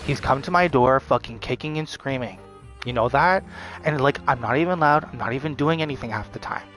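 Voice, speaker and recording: A man's voice: mid-range voice, fairly quick, a bit bright, soft background music. A man venting in a vlog monologue, swearing often and repeating himself with lots of fillers. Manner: profane, repetitive ranting with many fillers. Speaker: vlogger.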